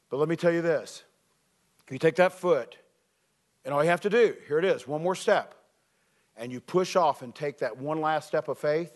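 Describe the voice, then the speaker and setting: A man preaching as a youth director, telling a story with animated shouts and earnest appeals. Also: fairly high pitch, normal speed. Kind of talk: sermon with personal storytelling.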